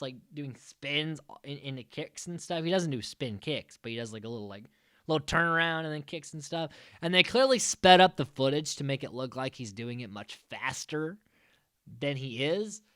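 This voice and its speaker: A man recaps a show on his podcast in a loose, sarcastic ramble full of "like" and "uh". His voice swings widely in pitch and has a bright, forward edge. It sounds dry and close to the mic. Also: animated, moderate pace, no room sound. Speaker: podcast host. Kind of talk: casual episode recap.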